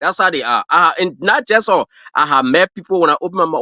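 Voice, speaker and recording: A man's voice: fairly high pitch, animated, fairly quick, pushed and bright, no room sound. Rambling man with an African accent. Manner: rambling, full of fillers and restarts, laughs at his own stories. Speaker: guest. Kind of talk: casual livestream chat. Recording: dull lo-fi, dry stream audio.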